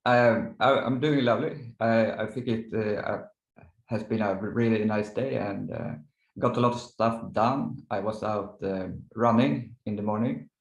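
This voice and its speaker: A man's voice: lowish voice, highs cut off. Thoughtful man in his thirties, roomy echo. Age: 30s. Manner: halting and thoughtful, searching for words. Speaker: startup co-founder and guest. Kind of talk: casual interview chat. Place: indoors in the evening.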